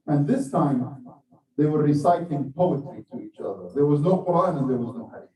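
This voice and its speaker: A man with a fairly high, mellow voice delivers a sermon, telling a tale slowly and earnestly before urging his listeners on. He sounds set back from the microphone. His words ring out through an echoey hall. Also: lively intonation, recorded from a distance. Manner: measured storytelling, earnest and exhorting. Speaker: preacher giving the Friday sermon.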